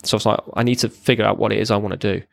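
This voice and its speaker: A man's voice: on the low side, steady tone, racing, creaky, a bit bright, no room sound. A man, a military veteran, giving a raw, blunt personal account as a podcast guest, swearing freely and often restarting his sentences.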